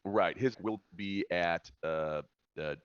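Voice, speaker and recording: A man narrating a tabletop game as game master, halting with fillers and restarts as he describes the scene. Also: low-pitched, clear, resonant tone, dry recording. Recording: dull, lo-fi stream audio.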